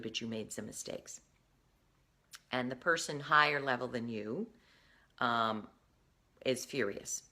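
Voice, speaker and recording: A middle-aged woman with a low, grounded voice gives career advice straight to her viewers. She is earnest and emphatic, leaning on key phrases and checking that the listener follows. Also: fairly bright tone. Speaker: career coach. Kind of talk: direct-to-camera advice talk.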